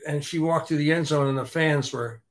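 A man's voice: fairly high pitch, normal speed. A man co-hosting a podcast, prompting the guest and recapping her stories. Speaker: podcast co-host. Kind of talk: interview questions.

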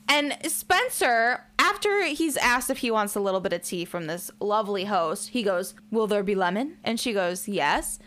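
A woman co-hosting a casual recap podcast, animated and quick to act out lines in silly voices. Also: medium pitch. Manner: animated, acts out lines in voices, swears freely. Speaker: podcast co-host.

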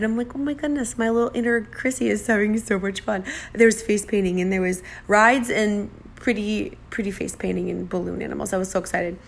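A woman's voice: mid-range voice, a bit bright. A woman from the United States casually telling a chatty, self-deprecating travel story and acting out the dialogue.

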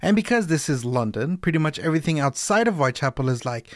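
A man co-hosting a comedy podcast, riffing with sarcastic jokes and animated outbursts. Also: a little high, quick pace, dry recording, studio quality. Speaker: podcast co-host. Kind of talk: comedic casual banter.

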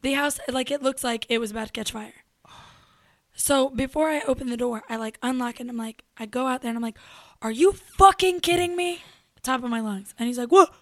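A young adult woman co-hosting a show, telling a story in casual chat, animated and profane, acting out what people said. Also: a little high, fast talker, no echo. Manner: animated, profane, acts out quotes. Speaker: radio show co-host.

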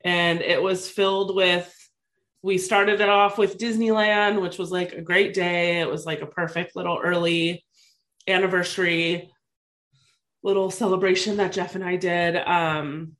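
This thirty-something woman shares a personal anecdote with a co-host, chatty and animated, with "like" scattered everywhere. She speaks unhurriedly in a lowish register.

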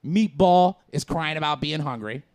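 A man co-hosting a podcast in casual chat, animated, rambling and slangy. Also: fairly high pitch, normal speed. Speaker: podcast co-host.

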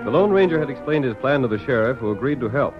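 A man narrating an old radio drama in a brisk, urgent storytelling manner. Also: medium pitch, animated. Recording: muffled old radio recording with music.

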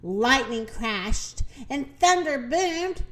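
Woman storyteller, children's book read aloud, expressive, slow, high lively voice. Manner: expressive, dramatic.

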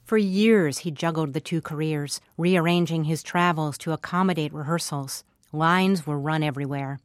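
A woman narrating a scripted remembrance essay in a measured, literary way. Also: sits low, no room sound, studio quality.

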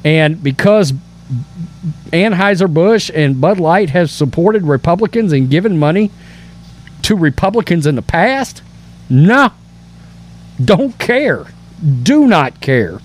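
A man's voice: fairly high pitch, big pitch swings, slow pace, long pauses. A man hosting a political commentary show, reading news aloud and reacting with emphatic indignation and stammered restarts.

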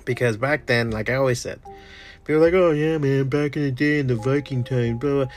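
A man chatting casually and enthusiastically about shows and comics, swearing often and trailing off into quieter mumbles. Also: medium pitch, brisk, soft background music. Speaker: comic artist streamer. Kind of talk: casual rambling chat.

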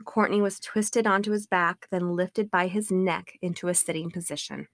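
A woman co-hosting a podcast, calmly reading a true-crime book excerpt aloud on a close studio mic. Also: fairly low pitch, normal speed, dry recording. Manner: calm, even narration. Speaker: podcast co-host.

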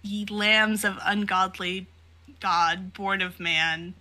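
A woman voicing a grandiose demonic male preacher who speaks in slow, archaic, sermon-like phrases. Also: mid-range voice, fairly even intonation, pushed and bright. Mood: solemn. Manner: slow, pompous sermon-like delivery. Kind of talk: podcast recap with quoted voices.

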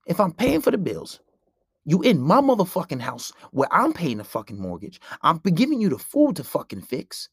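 Podcast host, male, brash and profane, preachy delivery, gravelly voice. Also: a little high, wildly swooping pitch, moderate pace, no echo, clean studio sound. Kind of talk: solo podcast rant.

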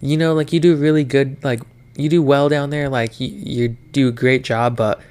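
Smooth-voiced young man telling stories. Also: mid-range voice, steady tone, normal speed, a little mellow. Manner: storytelling with profanity, acting out work arguments. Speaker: podcast co-host. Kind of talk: casual chat.

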